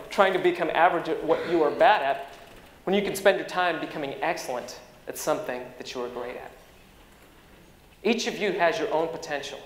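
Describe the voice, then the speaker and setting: An energetic man delivering a motivational keynote in a large conference hall. He tells stories with big swings in pitch and loudness, and his voice sits somewhat high. The sound carries a long, roomy reverb. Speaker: keynote speaker.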